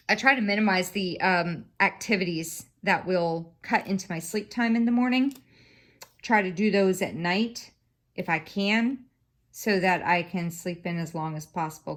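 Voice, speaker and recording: A woman in her thirties talks to a camera on a stand while she crafts, rambling from one thought to the next and swearing without apology. Her voice sits a little low, and she takes her time with every sentence. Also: fairly bright tone. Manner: rambling and chatty, cusses freely. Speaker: craft vlogger. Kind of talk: casual chat while crafting.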